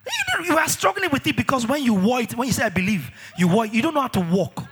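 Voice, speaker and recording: A man preaching a sermon in an animated way, shouting at times, dropping low at others, and repeating phrases for emphasis. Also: fast, noisy background.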